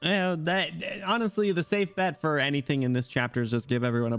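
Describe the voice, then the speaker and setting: Soft background music plays as a man casually comments on a game, joking crudely, swearing, laughing easily, and voicing read-aloud dialogue. His slightly high, somewhat bright, smooth voice is brisk with hardly any pauses and fairly even intonation.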